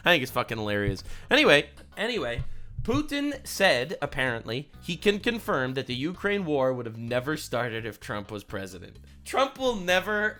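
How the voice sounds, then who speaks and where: A young man hosting a profane, animated reaction commentary vlog, ranting as he talks. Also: on the high side. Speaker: online commentator.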